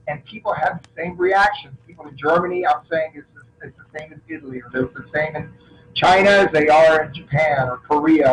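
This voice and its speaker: Middle-aged man, action actor guest, high and very animated in pitch, chatty storyteller who often restarts his lines. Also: low-quality recording. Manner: animated anecdotes, frequent restarts. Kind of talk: casual interview storytelling.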